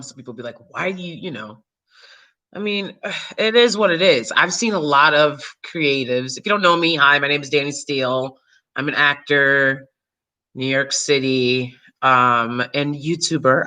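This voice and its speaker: A woman YouTuber and actor chatting casually to her viewers, animated and swearing freely, breaking into loud shrieks and laughs. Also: very deep voice. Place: New York City.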